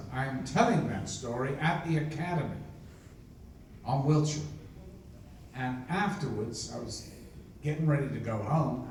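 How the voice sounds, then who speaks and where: Older male raconteur, guest at a convention, acts out voices; recorded far off in an echoey hall with faint room noise. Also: medium pitch. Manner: lively raconteur who acts out others' lines. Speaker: interview guest, actor. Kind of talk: anecdotal storytelling.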